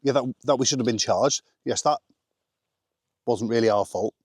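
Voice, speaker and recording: An English man in a middle pitch chats on a couple's vlog, teasing and joking between points. His remarks come quick and offhand. The recording is close and dry. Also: no echo. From England. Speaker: vlogger. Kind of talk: casual chat.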